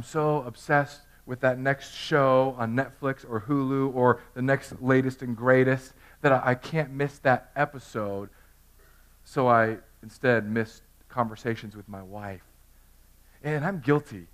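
A middle-aged male pastor giving a sermon, swinging from loud outbursts to quiet, intimate asides. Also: medium pitch, fairly even intonation, measured pace.

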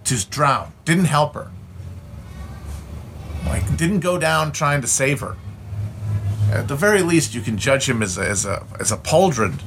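A man's voice: mid-range voice, fairly bright tone, a little hiss or hum. A man with an Upper Midwestern accent who streams, ranting casually in a profane, blunt and opinionated way with frequent restarts. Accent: Upper Midwestern American.

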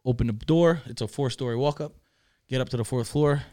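A man's voice: mid-range voice, brisk, warm tone. A man, a guest on a casual podcast, telling a crude, profane anecdote with lots of swearing and laughter, in a mid-range voice. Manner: laughs through his own story. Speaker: guest storyteller.

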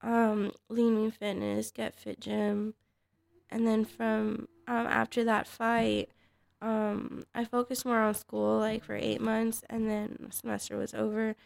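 A woman's voice: on the high side, monotone, slow, creaky, darkish tone, dry recording. A woman, a fighter guest, chatting casually and hesitantly, with many fillers and restarts. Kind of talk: casual podcast chat.

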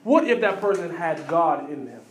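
A fairly high-voiced man preaches, jumping between quick asides and repeated phrases. His voice rings out through a roomy church hall. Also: very animated. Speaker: pastor. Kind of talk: sermon.

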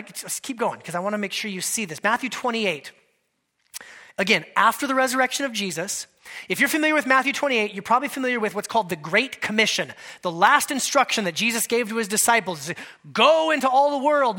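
A male pastor preaching a lively, conversational sermon, acting out quotes from scripture figures. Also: sits high.

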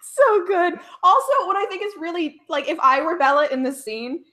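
A woman co-hosting a casual podcast, bantering with quick laughs and bits of mock quoting. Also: very high-pitched, bright, forceful tone. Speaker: podcast co-host. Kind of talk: casual chat.

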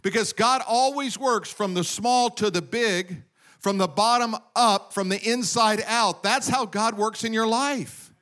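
A man's voice: high-pitched, unhurried, a bit bright. A man preaching a sermon to his congregation, emphatic and calling for amens. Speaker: pastor. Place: church sanctuary with congregation.

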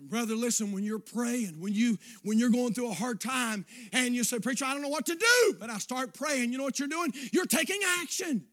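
A preacher man with a very high, bright voice. He preaches in a folksy way, sliding from hushed asides up to shouted appeals. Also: animated, fairly quick, hardly any pauses. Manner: folksy, swings between quiet asides and shouting. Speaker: pastor. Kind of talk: sermon.

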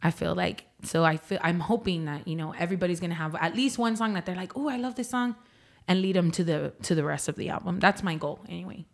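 A young woman answers interview questions in a reflective way, with a lowish voice for a woman. She circles back over her words as she thinks aloud. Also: fast, vocal fry. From San Antonio, Texas. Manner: thoughtful, repeats phrases as she thinks aloud. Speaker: singer-songwriter guest.

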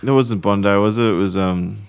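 A man's voice: lowish voice, steady tone, quick pace, vocal fry, smooth. An Australian man, a guest comedian and singer, chatting casually on a podcast with a slightly slurred voice, wandering off on tangents. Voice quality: slurry speaking voice. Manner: rambling, goes off on tangents.

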